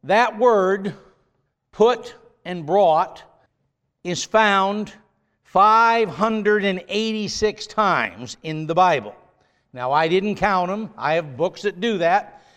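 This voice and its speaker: A man's voice: sits high, lively intonation, takes it slowly, a bit bright, big-room sound. A man preaching a sermon, leaning hard on key words and drawing them out for emphasis.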